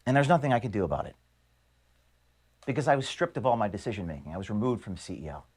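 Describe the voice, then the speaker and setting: A man, the founder of an organization, reading an earnest, measured video statement to his staff from his office. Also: on the low side, lively intonation, a little mellow, husky. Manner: earnest, measured, grievance-laden. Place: office at headquarters.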